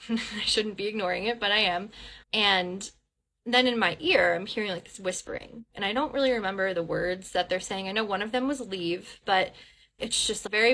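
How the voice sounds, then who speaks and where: Bright-voiced woman telling a ghost story. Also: medium pitch. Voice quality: animated retelling with quoted dialogue. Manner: rambling with frequent restarts and fillers; swears when telling the scary part. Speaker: guest storyteller. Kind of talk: casual first-person ghost story.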